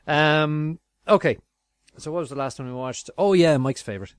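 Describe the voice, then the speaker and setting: A man's voice: fairly high pitch, moderate pace, clean tone, dry recording. A man hosting a casual film review podcast, rambling with fillers and restarts and laughing easily. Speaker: podcast host.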